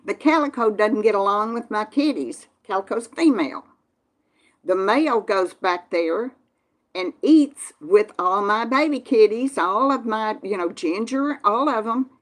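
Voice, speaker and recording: A woman's voice: medium pitch, fairly bright tone. A woman from Texas with a Southern accent, casually chatting with viewers on a live stream in a folksy manner. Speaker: channel host reading live chat.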